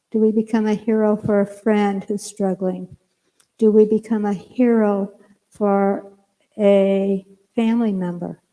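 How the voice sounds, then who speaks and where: An older woman minister preaches in a church sanctuary, telling a lively personal story and acting out her own lines. Her voice is mid-range, and the recording carries a long hall reverb.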